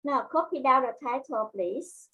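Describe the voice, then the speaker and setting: Slow, breathy Vietnamese-accented teacher. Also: female voice, high voice, expressive, pushed and bright, muffled recording. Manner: slow, deliberate, repeats words for learners. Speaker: English teacher. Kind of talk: classroom lesson.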